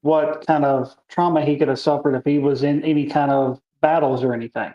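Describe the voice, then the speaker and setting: A woman's voice: low voice, steady tone, brisk. A woman, co-hosting a podcast in a laid-back, speculative way. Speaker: podcast co-host. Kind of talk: casual chat. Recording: roomy, dull lo-fi sound.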